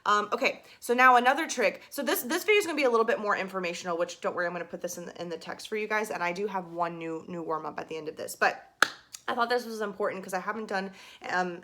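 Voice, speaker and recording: A woman's voice: medium pitch, fairly bright tone. A young woman giving a casual singing lesson to camera, chatty and full of fillers and asides. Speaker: singing teacher.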